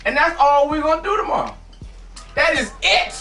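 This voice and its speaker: A man performing a satirical comic monologue as host, animated and breaking into shouted bursts. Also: very high voice, moderate pace. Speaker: comedian host. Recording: echoey, from a distance, faint music.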